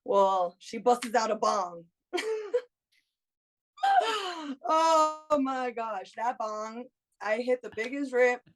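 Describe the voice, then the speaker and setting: A woman in her thirties telling a lively personal story in casual chat, laughing often and acting out what her friends said. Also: a little high, slow pace. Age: 30s. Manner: animated, laughs often, acts out friends' lines. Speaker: guest.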